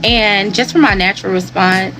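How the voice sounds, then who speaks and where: A young adult woman, a teacher, animatedly retelling an incident in a storytime vlog, acting out the dialogue in a higher voice. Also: steady tone, moderate pace, over music.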